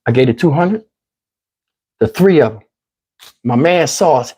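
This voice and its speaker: A man from Camden with a New Jersey accent, telling a crude, lively story with lots of asides, on a lapel mic. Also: on the high side, a little slow, husky. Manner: profane, animated, lots of asides. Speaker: channel host. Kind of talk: comedic storytelling.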